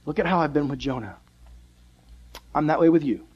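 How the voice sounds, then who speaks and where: A man voicing a patient, loving male God, speaking softly and slowly. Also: a little high, slightly rough, dull audio. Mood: tender. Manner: soft, slow and gentle.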